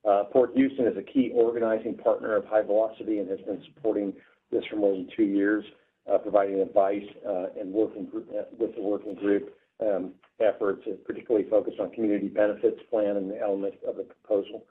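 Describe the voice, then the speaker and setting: Low-voiced chairman guy running a meeting, lots of uhs, tinny sound. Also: flat delivery, quick pace. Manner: hesitant, many fillers. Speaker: board chairman. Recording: tinny phone-like broadcast audio.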